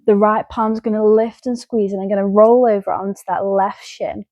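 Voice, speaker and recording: Female yoga instructor, warm low-brightness tone, dry close recording, guiding poses calmly while demonstrating. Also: moderate pace, hardly any pauses, no echo, muffled recording. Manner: calm step-by-step cueing, talking while moving. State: out of breath. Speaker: yoga teacher.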